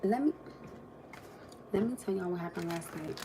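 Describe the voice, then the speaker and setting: A young woman hosting a livestream, telling family stories in a casual, animated way and acting out what people said, with frequent laughs and pauses to eat. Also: lowish voice, background noise. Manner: animated, acts out quotes, laughs often, eats while talking. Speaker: livestream host.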